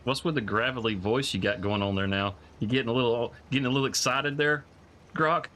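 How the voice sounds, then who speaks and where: A man, hosting a live stream and chatting casually in halting, rambling sentences. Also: medium pitch, a bit bright. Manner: rambling, halting, with many restarts. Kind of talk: casual chat.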